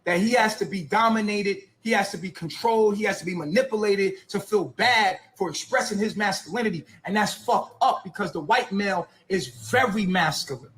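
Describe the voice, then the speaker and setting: A man in a heated, profane and boastful rant, talking loudly. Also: sits high, fairly quick, few pauses. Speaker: clip subject.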